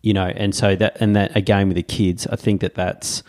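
A man, a father, talking in a relaxed podcast chat, thoughtful and unhurried with many pauses. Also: low-pitched. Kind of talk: casual podcast conversation.

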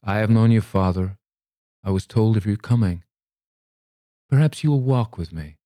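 A man reads aloud as an ancient, lonely lady from an old storybook, speaking low and soft in a drear, far-off manner. The voice is dark and dry, and it drifts as though she is talking half to herself. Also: lively intonation, moderate pace, no echo, close to an everyday voice. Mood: dreary. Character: frail, lonely ancient lady who thinks she lives forever.

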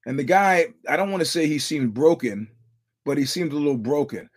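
A man's voice: fairly high pitch, expressive, fairly quick. A middle-aged man hosting a podcast, telling stories in a loose, profane monologue with lots of restarts. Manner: rambling storyteller, profane, many restarts. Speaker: podcast host. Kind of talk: casual monologue.

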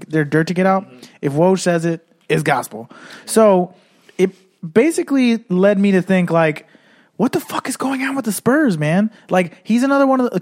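Male podcast co-host, slightly high voice, loose, profane, tipsy sports talk. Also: a little mellow. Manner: rambling, profane, many restarts. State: been drinking. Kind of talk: casual sports chat.

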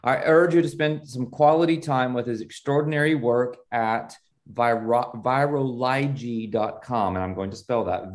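A man's voice: mid-range voice, fairly even intonation, moderate pace. A man hosting an interview podcast, reading a scripted introduction with strong emphasis and then chatting with his guest. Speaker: podcast host.

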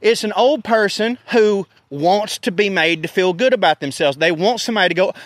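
A man, telling a profane, animated story in a casual rant. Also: high-pitched, normal speed, dry recording. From American South. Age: 30s. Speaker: podcast host.

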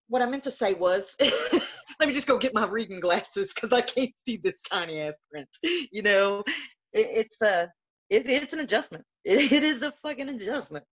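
Woman, 30s, podcast host, husky voice, swings her pitch wide and high, profane loud laughter, dull lo-fi sound. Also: expressive, a little slow. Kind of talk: casual chat. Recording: dull lo-fi audio.

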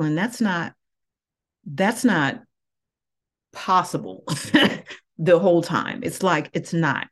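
A woman who teaches yoga, talking through her thoughts slowly and reflectively, with many pauses. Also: on the low side, lively intonation. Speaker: yoga teacher and podcast host. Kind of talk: reflective solo podcast talk.

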